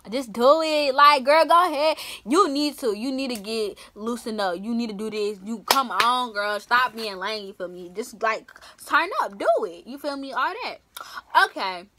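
A young woman vlogger telling a story casually, full of slang, swinging from loud outbursts to hushed asides. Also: fairly high pitch, a little hiss or hum.

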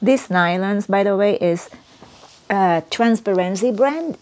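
Giggly excited woman unboxing. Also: medium pitch, unhurried. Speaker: vlogger. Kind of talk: casual unboxing chat.

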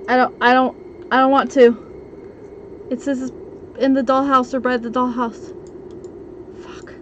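A woman's voice: sits high, flat delivery, a little slow, pauses often. A woman streaming a horror game live, frightened, swearing and repeating herself. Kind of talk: live horror gameplay commentary. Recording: noisy stream audio.

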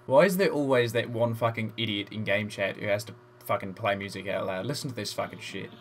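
A man's voice: on the low side, fairly quick. Young man, rowdy sweary gamer banter, impressions, faint music behind. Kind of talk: comic impressions over gameplay commentary.

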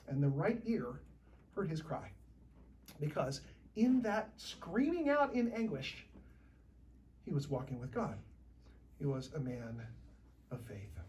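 A woman preaching a sermon in a church, talking in a conversational, lively way with shifting loudness. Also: sits low, unhurried, pauses often, recorded from a distance.

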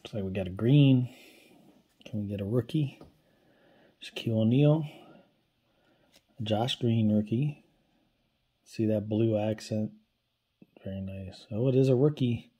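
Man, husky voice, low-key card-opening commentary, crinkling packs in the background. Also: slow, pauses often. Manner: low-key, talks quietly while handling cards. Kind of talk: casual card-opening vlog.

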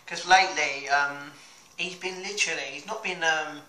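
Talking to his dog between casual asides, a young vlogger speaks at normal speed with a slightly high, sharp-toned voice and fairly even intonation. He comes across chatty, scattered, and self-mocking, recorded in an echoey room with faint noise.

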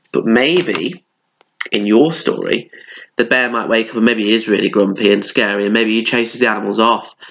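A man's voice: mid-range voice, creaky, fairly bright tone. A male primary school teacher with a British accent reads a story aloud to children, stopping for chatty asides. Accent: British English. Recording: dull lo-fi sound.

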